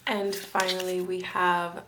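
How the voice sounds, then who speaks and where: A woman's voice: lowish voice, little pitch movement, takes it slowly, noisy background. Chatty tarot reader woman from France. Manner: chatty, musing, thinks aloud with fillers and restarts. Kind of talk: pick-a-card tarot reading.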